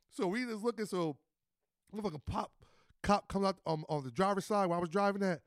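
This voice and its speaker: A high-pitched man tells stories on a podcast, acting out every quote. The sound is dry and close, with no room around it. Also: quick pace, no echo. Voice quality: animated, acts out quotes. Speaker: podcast host. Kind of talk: casual storytelling.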